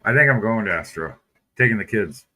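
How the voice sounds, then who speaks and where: A man's voice: on the low side, expressive, fairly quick, sharp tone. A man co-hosting a casual podcast, asking easygoing questions and rambling with casual cursing. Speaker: podcast co-host. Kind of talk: casual chat.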